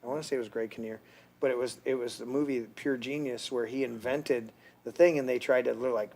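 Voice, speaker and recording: A man's voice: mid-range voice, steady tone, a little fast, a little mellow. A man hosting a casual podcast, rambling through stories and swearing freely. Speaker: podcast host. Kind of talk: casual chat.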